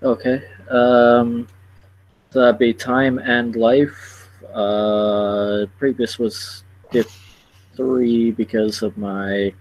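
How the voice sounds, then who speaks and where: Halting, slow male player. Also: mid-range voice, fairly even intonation, a little mellow, no echo, rough recording. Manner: halting, repeats words while working out rules. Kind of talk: tabletop game chat.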